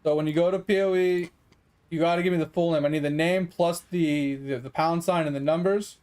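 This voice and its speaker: A man's voice: fairly high pitch, fairly even intonation, a little fast, a little mellow, clear, resonant tone. A young man giving casual gameplay commentary as a streamer, frustrated and swearing while he talks to his chat. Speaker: gaming streamer.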